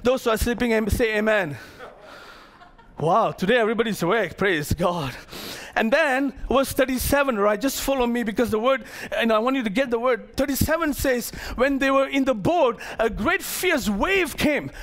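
A man preaching a sermon as pastor to his congregation, animated, acting out the characters of the story and joking with the crowd. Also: very high voice, moderate pace. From Malaysia. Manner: playful asides to the congregation.

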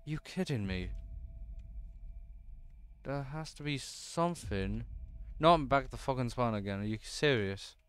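A man's voice: medium pitch, expressive, unhurried, pauses often, clean tone. A man commentating as he plays a horror game, talking to himself nervously and swearing constantly. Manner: jumpy, swears constantly, nervous self-talk. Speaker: let's play gamer.

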